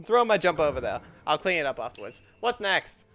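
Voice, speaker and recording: A young man talking through his gameplay in a playful, joking way. His voice is high, bright and clean, with faint game music underneath. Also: very animated, moderate pace. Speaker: gameplay streamer. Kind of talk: casual let's play commentary.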